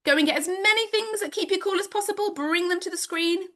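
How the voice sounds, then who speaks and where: A woman's voice: extremely high pitch, fairly quick, fairly bright tone. A woman, teaching an online nature class for children over a video call in a bubbly, sing-song manner. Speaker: home education teacher.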